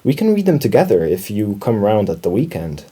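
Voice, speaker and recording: A man's voice: on the low side, sing-song, brisk, warm tone, slightly rough, full character voice. A man voicing a shy, friendly schoolboy in a children's storybook who mumbles a little.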